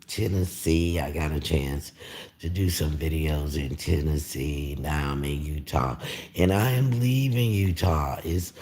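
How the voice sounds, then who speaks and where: A man with a warm, bass voice chats casually on a livestream as a YouTuber. He rambles and meanders with plenty of fillers, cursing freely along the way.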